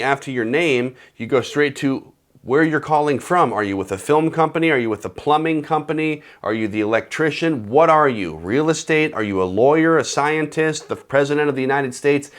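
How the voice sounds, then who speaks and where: A man in his thirties giving comedic advice, animated and sarcastic, acting out bits of phone calls. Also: mid-range voice. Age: 30s. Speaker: host.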